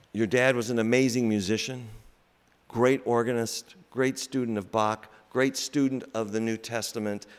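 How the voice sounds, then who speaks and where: A man preaching a sermon slowly and reflectively, with pauses. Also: mid-range voice, smooth. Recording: long reverb in a large hall.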